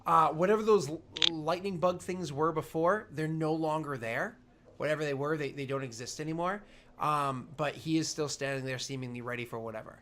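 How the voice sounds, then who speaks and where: A man's voice: fairly high pitch, a bit bright, a little hiss or hum. Man narrating as game master. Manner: descriptive, unhurried narration.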